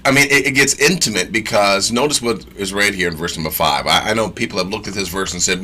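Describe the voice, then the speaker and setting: Bright-voiced man teaching scripture. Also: fairly low pitch, fast, a little hiss or hum. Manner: reads scripture aloud and comments with slangy asides; emphatic, repeats phrases for effect. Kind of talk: casual sermon teaching.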